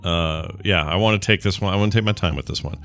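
A man with a deep, forceful voice co-hosts a relaxed morning talk show. He rambles through everyday stories, restarting and correcting himself as he goes. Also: quick pace, faint music behind. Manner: rambling, self-interrupting storyteller. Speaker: podcast co-host. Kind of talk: casual chat.

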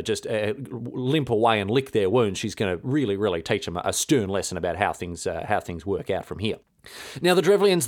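Male host, mid-pitched, irreverent casual history storytelling. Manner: irreverent, slangy, many fillers.

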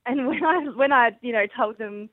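A woman phones in to a radio show and tells her story with pauses and ums. Her voice sits slightly high and comes through a tinny, narrow phone line. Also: dry recording. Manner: hesitant, with many ums. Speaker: caller.

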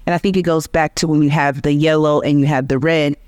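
A woman's voice: sits low, fairly even intonation, quick pace, a little mellow, clean tone, no echo, clean studio sound. A woman linguist, a guest on an interview, explaining speech patterns patiently and often checking in with "right?".

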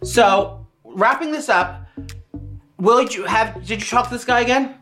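A man's voice: very high-pitched, a little slow, pushed and bright, soft background music. A man hosting a comedic cooking chat, camp, playful and profane. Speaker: host.

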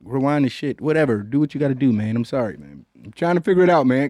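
This podcast host talks fast with few pauses, his medium-pitched, darkish voice swinging widely in pitch. Recorded in a studio booth without echo, he chats casually in a loose, rambling, profane way full of fillers.

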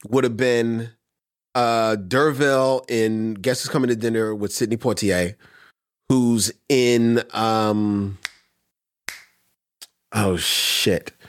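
A man's voice: fairly low pitch, fairly even intonation, slow pace, pauses often. A man hosting a podcast, chatting casually and moving the conversation between segments. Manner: easygoing, guides the segments. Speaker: podcast host. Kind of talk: casual chat.

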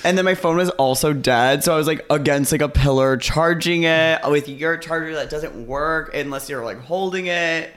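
A man co-hosting a casual vlog chat, talking fast with his words run together and teasing his partner. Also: fairly high pitch, a bit bright, clean tone. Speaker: co-host.

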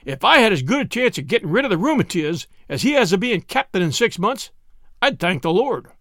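A man voicing an old rustic cobbler who speaks in a slow, sly country drawl. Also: high-pitched, sing-song, fairly bright tone, dry recording, clean studio sound, full character voice.

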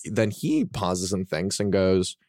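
A man's voice: sits low, big pitch swings, takes it slowly, darkish tone, no echo, studio quality. A man in his twenties telling candid, profane stories as a guest author on a casual podcast.

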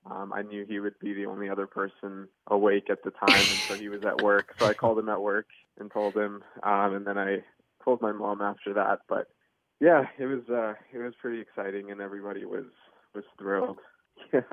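A man's voice: on the low side, level tone, fairly quick, a little hiss or hum. A young man calling in as a contest winner, talking in an easygoing, chatty way with lots of fillers and laughs, over a tinny phone line. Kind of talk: casual phone interview.

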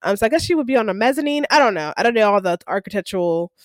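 A woman's voice: medium pitch, animated, rapid-fire, dry recording, clean studio sound. A woman co-hosting a recap podcast, casually retelling episode scenes and acting out the characters' lines. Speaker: podcast co-host.

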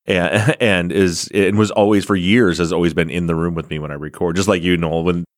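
Deep chatty American man hosting. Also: fairly even intonation, a little fast, no room sound, studio quality. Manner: chatty, laughs often, rambling storyteller. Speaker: podcast host. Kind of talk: casual interview chat.

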